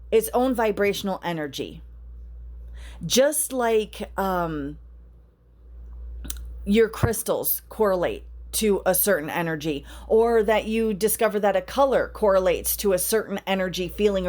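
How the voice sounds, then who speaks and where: A woman podcast host talks casually in a middle pitch. She tells a personal story and keeps checking in with her listeners through tag questions. Her talk is loose and conversational, with no script. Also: darkish tone. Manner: chatty storyteller, often adds tag questions. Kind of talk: casual spiritual podcast monologue.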